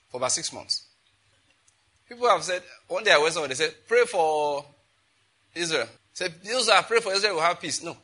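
Bright-voiced pastor preaching. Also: male voice, on the high side, husky. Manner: emphatic, quizzes the congregation. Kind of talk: sermon with scripture reading.

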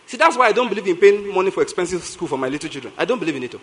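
A man's voice: high voice, sing-song, racing, a bit bright. A man with a Nigerian accent preaching a sermon as pastor, telling stories animatedly, repeating lines for emphasis and laughing often.

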